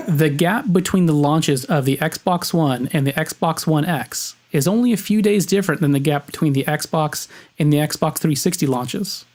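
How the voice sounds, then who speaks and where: A man's voice: fairly high pitch, lively intonation, unhurried, a little mellow. A man co-hosting a casual podcast, reading listener messages and chatting with laughs and frequent restarts. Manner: laughing, rambling, with many restarts. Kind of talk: casual chat.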